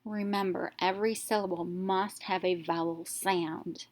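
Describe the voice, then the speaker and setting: A woman teacher narrating a reading lesson, explaining step by step and sounding out letters clearly. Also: lowish voice, fairly even intonation, unhurried.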